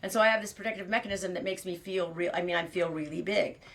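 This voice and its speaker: A woman in her fifties talks fast and bluntly, rambling through fillers and restarts and laughing often. Her voice sits low and has a gravelly fry. She hosts her own candid storytelling show. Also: fairly even intonation. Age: 50s. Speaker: host.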